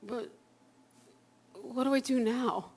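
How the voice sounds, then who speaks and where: A woman in her sixties performing an autobiographical one-person stage monologue, raw and emotional, with halting repetitions and bursts of swearing. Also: fairly high pitch, vocal fry, a little mellow. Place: live performance at a community center.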